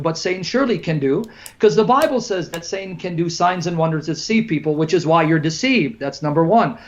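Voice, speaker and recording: A man with a fairly high voice fires off a combative, sarcastic debate rebuttal. He stacks point on point without letting up. The sound is muffled and lo-fi. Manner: combative, rapid-fire, sarcastic.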